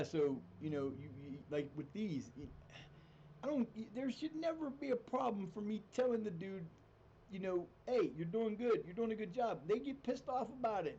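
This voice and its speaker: A man rambling through a live-stream session at home, his voice mellow and unhurried. He gets animated and now and then jumps into a high mock voice. The audio is a little dull and muffled, with a faint hiss behind it. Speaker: streamer playing a football management game. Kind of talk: casual live-stream chat. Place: home room with cats.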